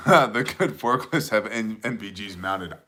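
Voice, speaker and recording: Male host, 30s, bright forceful tone, casual jokey livestream chat. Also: lowish voice, animated, measured pace. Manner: joking, conversational, reads chat aloud.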